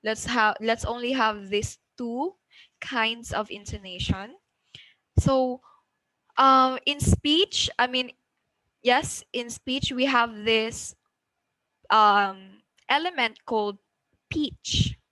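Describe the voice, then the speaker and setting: A woman's voice: fairly high pitch, takes it slowly, bright, forceful tone, no room sound, low-quality recording. A Filipino woman with a Cebuano accent teaching an online class. She checks in with "okay?" all the time and mixes English with Cebuano.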